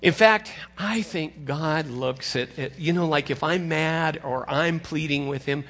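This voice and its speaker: An older man preaching a sermon as pastor, conversational and animated, teasing his congregation. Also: a little high, a little slow.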